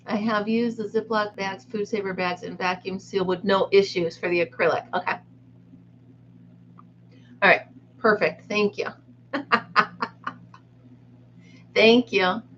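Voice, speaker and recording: A woman's voice: medium pitch, fairly even intonation, a little slow, long pauses, a bit bright. Woman, live chat host, giggly, self-mocking, chatty, slightly muffled recording, faint background hiss. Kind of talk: casual live chat with viewers. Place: a room at home.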